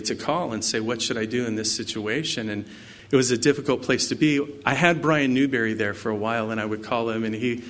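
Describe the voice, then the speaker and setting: A man's voice: mid-range voice, a bit bright. A man preaching a sermon, mixing personal stories with scripture readings in a conversational way. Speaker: pastor.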